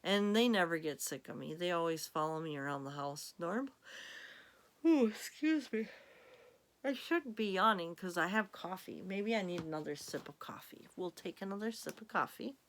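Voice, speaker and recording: A woman's voice: lowish voice, animated, moderate pace. A woman vlogger chatting casually to her camera in a rambling, giggly way.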